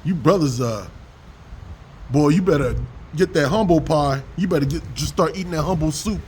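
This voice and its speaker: A man's voice: fairly high pitch, moderate pace, a little mellow, slight background noise, rough recording. A man giving a rambling, profane religious rant to camera, mixing slang with scripture readings. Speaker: vlogger preaching on scripture.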